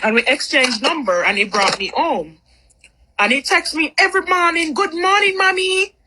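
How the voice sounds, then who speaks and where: A woman with a high, bright voice spins a casual storytime tale. She is lively and repeats phrases for emphasis. Her tone has a forward, sharp edge. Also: normal speed, a little hiss or hum, low-quality recording.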